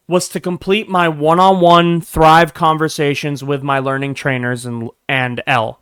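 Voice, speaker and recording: Young guy vlogging a rant, swears a lot, smooth clear voice, a bit high. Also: a little slow. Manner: profane, animated storytelling, swinging from mutters to loud bursts. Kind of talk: casual storytime rant.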